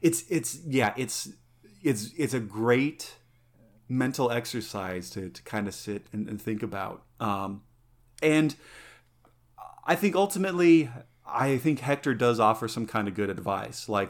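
A man's voice: mid-range voice, expressive, a little slow. A man co-hosting a podcast who talks earnestly and enthusiastically, often restarting his sentences. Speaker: podcast co-host. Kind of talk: casual chat.

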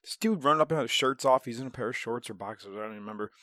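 A man's voice: mid-range voice, rapid-fire, dry recording, clean studio sound. A man in casual podcast chat, telling stories with lots of swearing and laughter. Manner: animated storyteller, swears a lot, laughs often.

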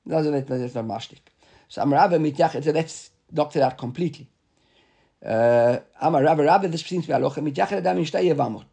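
Male Talmud teacher, quick and raspy, reads the text then explains it, halting delivery. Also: fairly high pitch, mellow. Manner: reads the Hebrew text aloud and then explains it in English, hesitant. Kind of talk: Talmud study lesson.

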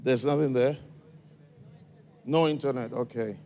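A man's voice: mid-range voice, fairly even intonation, measured pace, mellow. A man with an African accent addressing a church gathering, questioning listeners directly in a coaxing way. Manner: coaxing, direct, asks the audience many questions.

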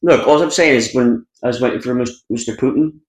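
A man's voice: mid-range voice, a little fast, reverberant. A man in casual comedic chat, swearing often and joking as he tells stories. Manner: profane, joking, quotes people in put-on voices.

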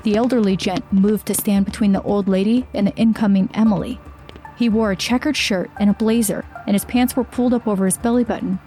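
A woman reading a horror story aloud as narrator, in a steady, measured way. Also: medium pitch, soft background music.

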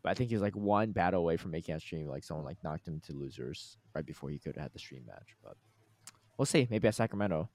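A man's voice: low-pitched, lively intonation, fast talker, a little mellow, no room sound. Chatty male podcast host. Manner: chatty, reads out listener comments. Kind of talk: casual chat.

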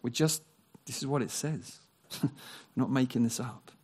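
A man preaching a sermon, animated, acting out quoted voices and dropping into hushed, near-whispered passages. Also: medium pitch, measured pace, breathy edge. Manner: animated, acts out quoted voices, drops to a hush.

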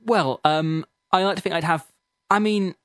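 A man's voice: sits high, moderate pace, a bit bright, dry recording, clean studio sound. A man co-hosting a comedy radio show, rambling in a mock-pompous, self-aggrandizing way. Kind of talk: comic banter.

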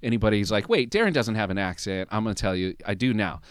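A man in his fifties with a lowish voice, recorded close and dry with no room sound. He is a podcast guest telling a personal story in animated conversation. He leans on "like" and "right?" and acts out other people's lines. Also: fast talker, clean tone, dry recording. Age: 50s. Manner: peppers his talk with "like" and "right?".

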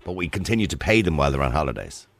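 Fast-talking Irish radio host. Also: male voice, a bass voice, sing-song, gravelly, no room sound, studio quality. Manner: chatty, teasing, laughs often. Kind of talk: radio phone-in chat.

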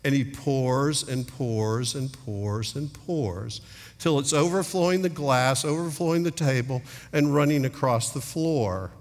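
A man's voice: mid-range voice, a little slow, darkish tone. A middle-aged man preaching a sermon earnestly, acting out little dialogues as he speaks. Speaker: pastor. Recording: long hall reverb.

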